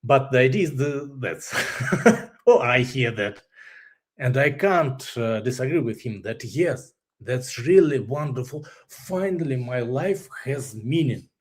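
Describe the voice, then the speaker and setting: Russian-accented man, non-native English speaker, candid interview guest, halting delivery with frequent laughs. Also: mid-range voice, animated, darkish tone. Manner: halting, searches for English words, laughs often. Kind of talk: candid personal story.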